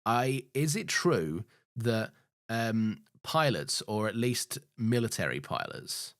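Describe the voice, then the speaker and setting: A man's voice: on the low side, sing-song, slow, no room sound. A British man co-hosting a podcast, chatting in a laid-back, teasing way with casual swearing, recorded close and dry. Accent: British English. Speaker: podcast co-host. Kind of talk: casual chat.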